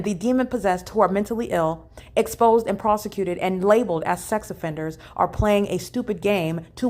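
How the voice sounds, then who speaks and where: A woman's voice: lowish voice, a little mellow. Emphatic woman talking alone in a hotel room. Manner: emphatic and repetitive, with frequent fillers. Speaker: vlogger documenting her day. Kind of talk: solo spoken monologue to camera.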